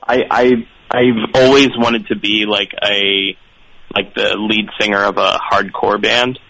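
A man from Philadelphia calling in to a radio show, talking in a hesitant, stammering, low-key way. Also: steady tone, measured pace, bright, forceful tone, slight background noise, low-quality recording. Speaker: caller. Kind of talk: phone call-in chat.

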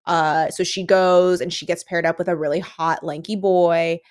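A woman co-hosting a casual chat, retelling a story with lots of "like" and quick voiced asides. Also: lowish voice, fairly even intonation. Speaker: podcast co-host. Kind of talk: casual chat recapping a book.

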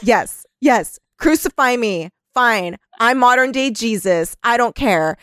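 A young woman co-hosting a podcast in casual chat, animated, swearing often and laughing a lot. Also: on the high side, slow, few pauses, no room sound, clean studio sound. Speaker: podcast co-host.

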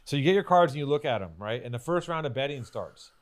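A man's voice: mid-range voice, lively intonation, quick pace. A man hosting in casual banter, explaining at length and laughing often.

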